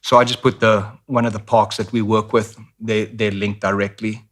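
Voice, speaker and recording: Speaking with a South African accent, this middle-aged interview guest candidly spins stories and mimics the voices of others in casual conversation. He talks at normal speed in a lowish, level, slightly bright voice.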